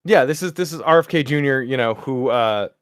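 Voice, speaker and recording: A man co-hosts a comedy podcast in a loose, rambling manner that is full of laughter. His voice sits at an ordinary male pitch. The recording is close and dry. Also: a little fast, smooth, no room sound. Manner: animated rambling storyteller, laughs a lot. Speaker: podcast co-host. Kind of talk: casual comedy chat.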